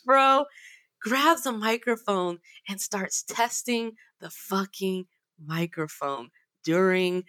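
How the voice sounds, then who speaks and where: A woman musician telling a story in casual talk, animated, emphatic and full of swearing. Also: mid-range voice, slow pace, dry recording. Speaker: singer and guitarist.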